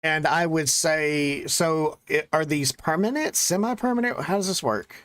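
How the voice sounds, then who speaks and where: A game master running an online tabletop game over a voice chat mic, with a quick, joking, loose way of narrating. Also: mid-range voice, a bit bright.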